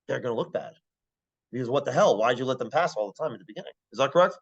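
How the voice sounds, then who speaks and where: A man's voice: mid-range voice, expressive, racing, slightly rough, muffled recording. A man giving a casual classroom lecture, blunt and profane, who keeps checking whether the class understands.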